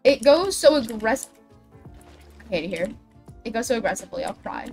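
Young woman streamer, high and lively voice, chatty and dramatic, faint music behind. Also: moderate pace. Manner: chatty, dramatic, self-deprecating, talks to chat. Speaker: livestreamer. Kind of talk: casual game stream chat.

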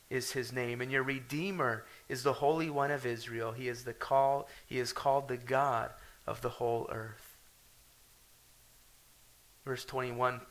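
A male pastor delivers a sermon with a gravelly edge to his voice. His tone is bright and forceful, and he preaches earnestly, pressing his points with urgent questions. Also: mid-range voice, poor audio.

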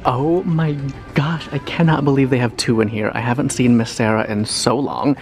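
A young man talking through a shop-with-me vlog in a home decor store, chatty and animated with dramatic reactions. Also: mid-range voice, moderate pace, faint music behind. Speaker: lifestyle vlogger.

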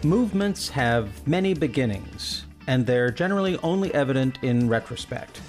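Male podcast host, wry and measured, reads a precise scripted intro. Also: mid-range voice, expressive, soft background music. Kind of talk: scripted intro, then casual chat.

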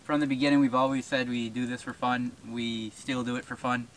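A bushcraft host from rural New Brunswick, Canada, speaks briskly in a mid-range, level, fairly bright voice, with slight background noise. Standing in the woods, he chats casually to the camera, rambling with fillers and laughs, captured by a camera-mounted shotgun mic.

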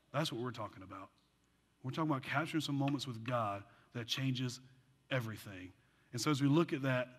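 A man preaching a sermon as pastor, animated with joking asides, then dropping into quiet earnest passages. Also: on the high side. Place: church sanctuary. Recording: long church hall reverb.

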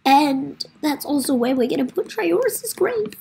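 A woman narrates her game playthrough in a high voice, talking directly to her viewers with theatrical, drawn-out delivery. She speaks slowly and leans into melodrama, with a faint hiss of noise behind her. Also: animated, vocal fry, mellow, low-quality recording. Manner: melodramatic, talks straight to viewers. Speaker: gaming channel host. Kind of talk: casual let's-play commentary.

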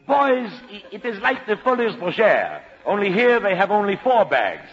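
A man's voice: sits high, sing-song, normal speed, fairly bright tone, in a large hall. A man hamming up a leering French announcer. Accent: mock French. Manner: clowning, flirtatious, breaking character. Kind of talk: 1940s radio comedy. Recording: noisy dull old radio broadcast.

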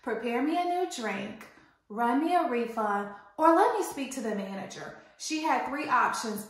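A woman telling an animated, indignant storytime rant to her viewers. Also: on the high side, normal speed. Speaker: vlogger. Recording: very echoey room.

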